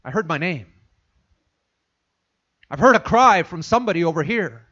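A man voicing a calm male teacher who stops on the road and asks who cried out, in a dull lo-fi recording. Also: high voice, normal speed, slightly rough, heavily acted.

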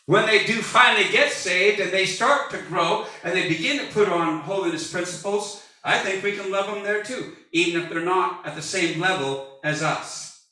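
In an echoing church sanctuary, a male pastor in his early sixties preaches from some distance off the microphone. His tone is strikingly bright, high and ringing, and his sermon mixes humor with lively swells into shouting.

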